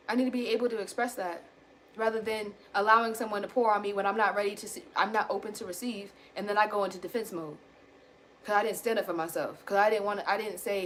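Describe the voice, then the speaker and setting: A woman in her thirties venting candidly to her viewers, blunt and animated, swearing casually and calling them y'all. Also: mid-range voice, fairly quick, slight background noise. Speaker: self-help vlogger.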